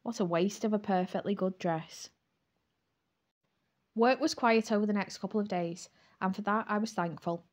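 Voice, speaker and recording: A woman narrating a first-person romantic comedy novel aloud, with an expressive, wry storytelling manner. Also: mid-range voice, moderate pace. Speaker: audiobook narrator.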